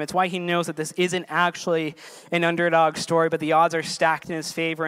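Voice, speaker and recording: A man preaching a sermon as a pastor, earnest, building to emphatic peaks and then dropping soft. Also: fairly high pitch, clean tone.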